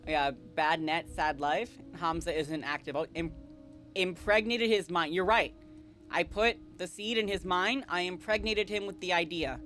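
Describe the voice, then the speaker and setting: A woman's voice: fairly low pitch, fairly even intonation, moderate pace, fairly bright tone, faint music behind. A woman livestreaming a game in a casual, chatty way, giggling often and reading dialogue aloud. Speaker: streamer. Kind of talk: casual live game stream.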